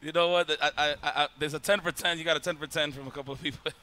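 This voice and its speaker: A man hosting a stream, chatting casually and reacting with excitement and laughter. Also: fairly high pitch, very fast. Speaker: stream host. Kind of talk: casual chat.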